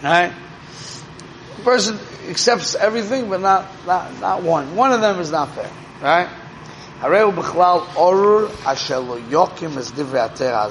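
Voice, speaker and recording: Animated man teaching a Torah class. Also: sits high, normal speed, a little hiss or hum. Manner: animated, with frequent rhetorical check-ins; mixes Hebrew and Yiddish terms into English.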